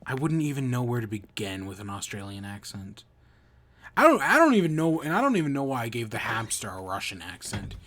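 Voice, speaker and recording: A man's voice: medium pitch, sing-song, brisk, a bit bright. A man streaming a video game, chatting casually in rambling, self-correcting bursts. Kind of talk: casual gameplay commentary.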